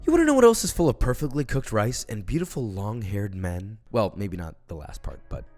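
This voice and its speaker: A young man hosting a casual cooking video, talking in a playful, jokey, animated way. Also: lowish voice, brisk, over music. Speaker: cooking show host.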